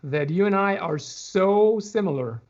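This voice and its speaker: A man's voice: high-pitched, a little slow. A man, a pastor, chatting casually and enthusiastically on a video call, born on an island outside America. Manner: animated, enthusiastic, with restarts. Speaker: pastor and guest. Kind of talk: casual livestream chat. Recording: dull lo-fi video call audio.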